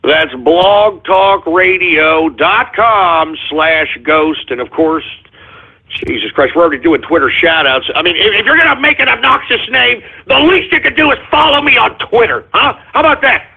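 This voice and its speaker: A man hosting a talk radio show, ranting and swinging from calm talk to angry shouting. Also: high-pitched, moderate pace, vocal fry, breathy edge. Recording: muffled phone-like internet radio audio.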